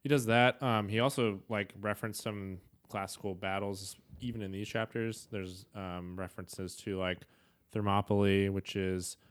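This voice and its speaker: A man in his thirties co-hosting a casual podcast, laughing often in a relaxed, nerdy way. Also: on the low side, moderate pace, slight background noise. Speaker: podcast co-host. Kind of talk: casual chat.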